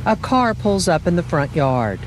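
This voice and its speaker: A woman's voice: fairly low pitch, sing-song, a little slow, background noise. A woman reporter narrating a field report in a descriptive, storytelling way. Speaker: radio reporter.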